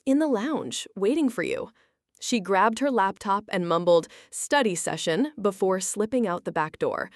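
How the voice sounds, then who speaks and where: A woman's voice: mid-range voice, no room sound, clean studio sound. A woman narrating a first-person family drama story, reading the dialogue with strong emotion.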